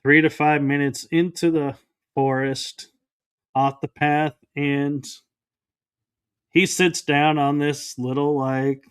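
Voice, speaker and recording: A man's voice: a little high, flat delivery, slow pace, smooth. A man, a podcast guest, recounting a personal experience in an interview and acting out the dialogue. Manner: storytelling that acts out quoted dialogue.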